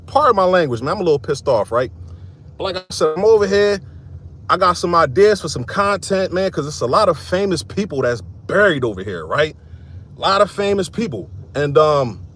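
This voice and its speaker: A man's voice: sits high, sing-song, a little fast, fairly bright tone. A man filming a casual vlog outdoors in a cemetery on a handheld phone, talking bluntly with plenty of swearing and a confrontational edge. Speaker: content creator. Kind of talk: casual vlog commentary while walking.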